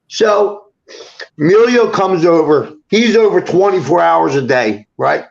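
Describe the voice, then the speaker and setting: A man with a high, gravelly voice tells a personal story in quick bursts, tripping over his words and quoting each person. The audio is dull and lo-fi. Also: expressive. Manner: rapid, halting retelling with many restarts and quoted dialogue. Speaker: guest telling a personal story. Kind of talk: emotional storytelling on a talk show.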